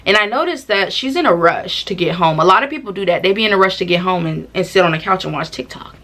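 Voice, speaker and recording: A woman telling a personal story to the camera in a casual, slangy, animated way, acting out what people said. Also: lowish voice, fast talker. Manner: animated, slangy, acts out quotes. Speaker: storytime vlogger.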